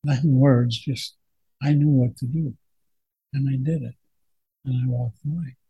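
A man's voice: medium pitch, steady tone, measured pace, warm tone, slight background noise, low-quality recording. An older man, a veteran, reflectively recalling his wartime service in a plainspoken oral history telling.

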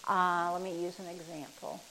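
A woman leading a casual group session, rambling and chatty and quick to laugh. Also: on the low side, level tone, bright, forceful tone, slight background noise, low-quality recording. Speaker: workshop leader.

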